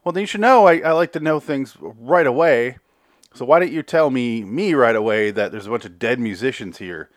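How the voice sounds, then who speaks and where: A man's voice: medium pitch, lively intonation, rapid-fire, few pauses, darkish tone, dry recording, clean studio sound, close to an everyday voice. A man putting on the voice of a demanding middle-aged woman boss who scolds sarcastically. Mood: sarcastic scolding.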